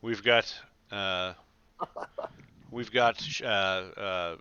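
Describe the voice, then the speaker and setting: A man's voice: fairly low pitch, steady tone, very slow, pushed and bright, smooth. A man playing a tabletop game, giving orders in character with some hesitant fillers. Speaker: player. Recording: dull lo-fi mic.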